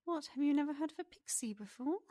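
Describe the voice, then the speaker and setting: A tiny, giggly pixie girl darts through the woods in this tabletop game, her voice high and quick. A woman puts her on, teasing everyone she meets. The sound is dry and close. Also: lively intonation, warm tone, no room sound. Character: tiny playful female pixie guide.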